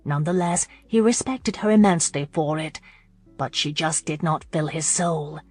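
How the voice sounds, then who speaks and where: A woman narrating a romance audiobook in a measured, steady reading voice. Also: low voice, breathy edge, faint music behind. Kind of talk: scripted narration.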